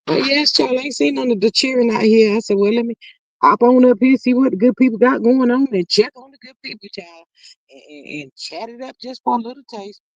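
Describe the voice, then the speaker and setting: A woman with a fairly high voice talks fairly quickly on a casual livestream, reading viewer comments aloud. The recording is muffled but has no echo, and she chats warmly, calling listeners "child" and "y'all."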